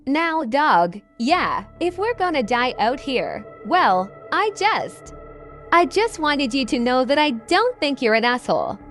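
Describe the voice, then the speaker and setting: Young male soldier, raw and blunt, voiced by a woman, high, wide-ranging pitch. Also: very animated, slow pace, a bit bright, faint music behind, exaggerated voice. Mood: halting.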